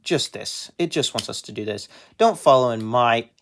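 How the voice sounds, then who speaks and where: A man's voice: mid-range voice, animated, normal speed, fairly bright tone. A man giving a casual toy review as a small YouTuber collector, rambling and joking at his own expense. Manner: rambling, joking, self-deprecating.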